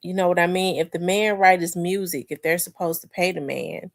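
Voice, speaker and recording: A congested woman in her forties hosts a casual livestream and talks straight to her viewers. Her voice sits a little low, and she rambles through fillers and restarts, calling the audience y'all. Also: steady tone, fairly quick, creaky. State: congested, clearing throat. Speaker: livestream host. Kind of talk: casual livestream commentary, reading chat.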